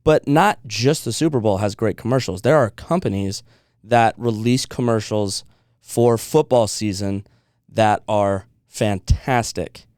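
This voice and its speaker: A young man co-hosting a podcast, telling stories in a casual, animated way, laughing often and swearing now and then. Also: on the low side, a little slow, dry recording, studio quality. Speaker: podcast co-host. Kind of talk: casual chat.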